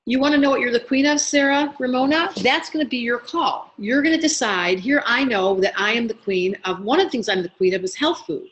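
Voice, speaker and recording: A middle-aged woman teaching an astrology class in an online workshop, animated and talking straight to her students by name. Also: on the high side, fairly quick, few pauses, dull audio. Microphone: webinar computer mic.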